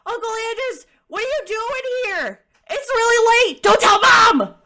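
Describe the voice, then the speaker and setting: A woman's voice: expressive, measured pace, crowd noise, heavily acted. A woman voicing an eager young boy who begs to stay up. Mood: excited. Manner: high whiny kid voice.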